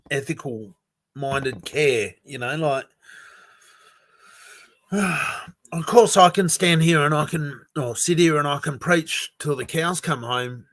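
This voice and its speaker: A man talks slowly and frankly in a loose, rambling livestream chat, now and then sighing and cursing. His voice sits a little high for a man and sounds close and dry, with no room around it. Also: a bit bright, dry recording. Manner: frank and rambling, swears, sighs and laughs often. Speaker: crypto project founder streaming to his community. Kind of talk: casual livestream chat, reading viewer comments.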